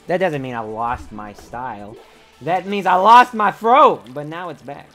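A theatrical man commentating his own live game stream. His pitch leaps around a great deal, dropping to mumbles and then jumping into mock-dramatic yells. Faint background music plays under his voice. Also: expressive, a little slow. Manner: theatrical, swings from mumbling to yelling.

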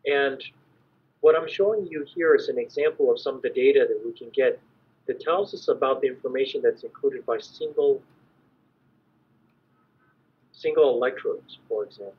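A man giving a measured, explanatory academic lecture as an invited conference speaker. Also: medium pitch. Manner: measured, explanatory, clears throat at times. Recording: dull lo-fi recording.

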